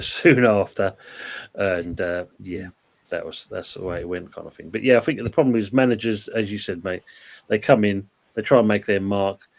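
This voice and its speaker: A man hosting a casual live-stream football chat, rambling along and reading out viewer comments. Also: deep voice. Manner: chatty, reads out viewer comments. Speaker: host.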